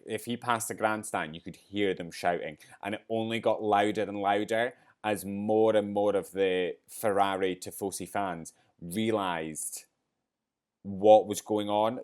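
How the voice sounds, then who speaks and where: A man hosting a podcast, chatting casually and excitably through a race review, rambling and getting teary and choked up along the way. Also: fairly low pitch. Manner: excitable, rambling, gets emotional. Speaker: podcast host.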